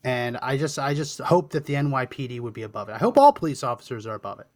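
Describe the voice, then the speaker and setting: A male guest speaking earnestly in a casual discussion, measured and hesitant at times. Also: medium pitch, animated, darkish tone, no room sound, clean studio sound.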